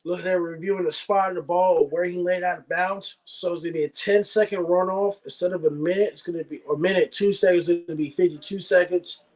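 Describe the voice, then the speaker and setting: Excitable high-voiced young man ranting. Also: fast, few pauses. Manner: excitable, argumentative, reads chat aloud. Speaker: streamer. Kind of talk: live game watch-along commentary.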